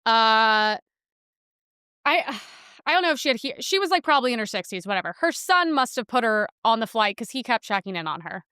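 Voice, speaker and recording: A woman's voice: fairly high pitch, animated, fairly quick, bright, forceful tone, smooth, no room sound, clean studio sound. A young woman hosting a podcast in a casual, blunt monologue, full of filler words and crude asides. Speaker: podcast host.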